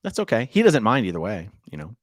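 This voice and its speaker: A middle-aged man co-hosting a casual live stream, chatty and animated, reading viewer comments aloud. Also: fairly low pitch, quick pace, no echo, clean studio sound.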